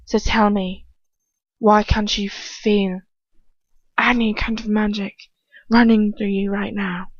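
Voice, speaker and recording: A woman's voice: medium pitch, flat delivery, slow, long pauses, dry recording, dull audio. A woman reading the part of a cold, sneering older male wizard who taunts his captive. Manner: mocking, taunting.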